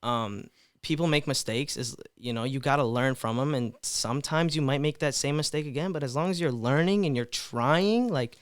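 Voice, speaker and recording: A twenty-year-old man talking as a guest in a casual podcast interview, animated and rambling, often repeating words. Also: medium pitch, normal speed, smooth, dry recording, clean studio sound. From Mid Michigan.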